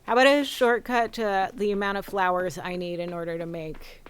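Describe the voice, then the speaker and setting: A woman's voice: lowish voice, normal speed, slight background noise. A woman streamer giving casual gameplay commentary, chatting and reading game dialogue aloud.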